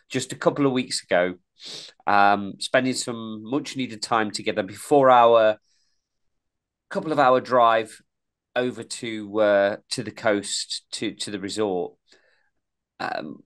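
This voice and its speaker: Rambling man with a mild East Midlands accent. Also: lowish voice. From East Midlands, England. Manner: rambling, many restarts and repeated words. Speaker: podcast co-host. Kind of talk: casual chat.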